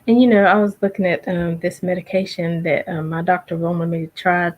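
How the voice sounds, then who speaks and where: A woman hosting a casual chat, speaking in a relaxed, conversational way and agreeing with her guest. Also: lowish voice, fairly quick, muffled recording. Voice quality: husky, gravelly. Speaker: host.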